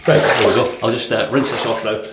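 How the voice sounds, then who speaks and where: A man giving a casual running commentary while he shaves in a bathroom, talking quietly and thinking aloud with lots of fillers. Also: medium pitch, fairly even intonation, quick pace. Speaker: shaving video host. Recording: echoey bathroom with faint noise.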